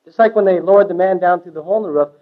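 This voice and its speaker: A man with a fairly high voice tells his church testimony like an animated storyteller, dropping hippie slang. He swings from loud bursts to hushed asides. The recording is dull and lo-fi. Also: very fast. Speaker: testimony speaker.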